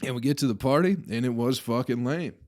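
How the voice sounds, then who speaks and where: A man's voice: mid-range voice, brisk. A young man hosting a podcast, casually telling a profane, laughing story about a party. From Flint, Michigan. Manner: profane, laughing, animated retelling. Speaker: podcast host.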